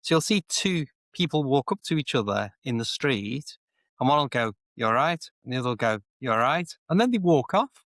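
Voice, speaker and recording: A man's voice: medium pitch, sing-song, brisk, fairly bright tone, no room sound, clean studio sound. A British man chatting casually as co-host, humorous, telling small anecdotes. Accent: British English. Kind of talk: casual chat.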